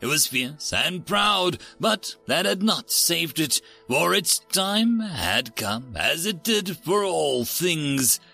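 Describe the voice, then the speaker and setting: Slow, expressive male storyteller. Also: fairly high pitch, vocal fry, faint music behind. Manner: theatrical, expressive. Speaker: story narrator. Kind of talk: scripted narration.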